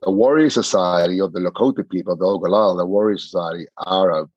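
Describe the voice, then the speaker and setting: Husky man telling stories. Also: low-pitched, fast talker, dry recording, muffled recording. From Australia. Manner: earnest, animated storyteller. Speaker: podcast guest. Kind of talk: storytelling in conversation.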